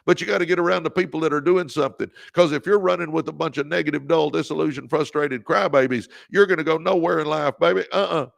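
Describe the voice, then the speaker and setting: Fast and with few pauses, this Texan livestream host delivers a preachy motivational talk, repeating phrases, calling people "baby" and welcoming viewers by name. His voice is fairly high, creaky and steady in tone, recorded without echo.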